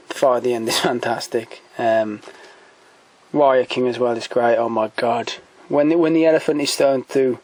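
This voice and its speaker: A man speaks at an everyday middle pitch, thinking aloud as he goes, with frequent ums and restarts. He is off-the-cuff and keen, recorded at home beside a shelf. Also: gravelly, a little mellow, low-quality recording. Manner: hesitant, many ums and restarts, enthusiastic recommendations. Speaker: collector showing DVDs. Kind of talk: casual off-the-cuff commentary.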